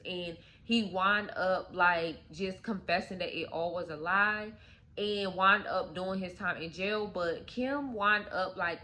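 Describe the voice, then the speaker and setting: A woman's voice: mid-range voice, sharp tone. A young adult woman hosting a story time channel, casually retelling a story in a chatty way and addressing viewers directly. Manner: chatty, filled with "like" and "you guys".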